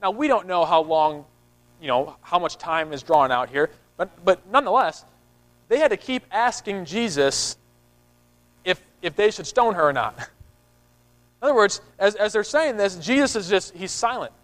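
High-voiced preaching man. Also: expressive, moderate pace, fairly bright tone, low-quality recording. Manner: conversational preaching with repeated words and acted-out voices. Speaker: pastor. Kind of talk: sermon.

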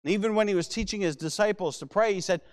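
A man's voice: high-pitched, fast talker, darkish tone, long reverb tail. A man preaching a sermon to his congregation, reading scripture aloud and pressing his points with rising and falling emphasis. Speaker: pastor.

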